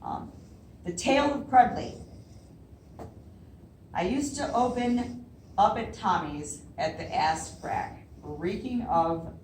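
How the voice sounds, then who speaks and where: Slow, nervous woman poet reading live. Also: mid-range voice, animated, darkish tone, slight background noise. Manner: nervous, laughs often between lines. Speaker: poet reading her work. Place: public library reading event. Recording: roomy hall, voice from a distance.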